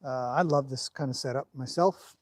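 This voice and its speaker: A man's voice: medium pitch, moderate pace, dry recording. A man who trains horses, chatting casually through a livestream, rambling and breaking off to talk to his horse.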